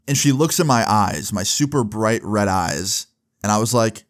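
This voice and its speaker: A young man telling a personal story in a casual vlog, animated, with lots of fillers. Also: lowish voice, normal speed. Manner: animated, swearing, fillers like "like" and "right". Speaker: vlogger.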